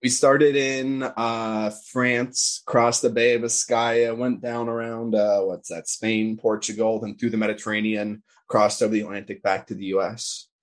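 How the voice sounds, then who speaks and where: A young man talking casually as a podcast guest, quick and chatty, with lots of "like" fillers. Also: on the low side, level tone. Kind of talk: casual conversation.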